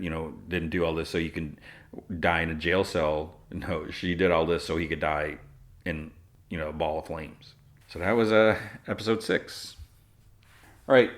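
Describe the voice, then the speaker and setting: Low-voiced man casually recapping an episode. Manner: rambling, filler-heavy retelling with quoted lines. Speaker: podcast host.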